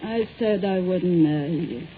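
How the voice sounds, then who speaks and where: An actress playing a weary old woman who pleads softly and slowly with her drunken husband, in 1940s radio drama style. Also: fairly low pitch, a little hiss or hum. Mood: pleading. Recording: narrow-band old radio recording.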